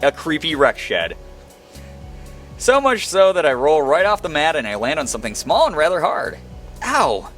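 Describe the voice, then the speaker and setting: A young man reading a visual novel aloud as its narrator, breaking off into animated, self-mocking commentary. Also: fairly high pitch, moderate pace, soft background music. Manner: animated, laughing asides between read lines. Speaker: game streamer.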